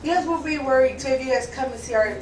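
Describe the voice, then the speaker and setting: A woman in her thirties from Richmond, California pleads heartfully with a board. Her voice sits a little high. It carries from a distance with a roomy echo and faint noise. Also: fast talker. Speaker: parent giving public comment. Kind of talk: emotional public testimony. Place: public board meeting room. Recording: echoey meeting room from far off.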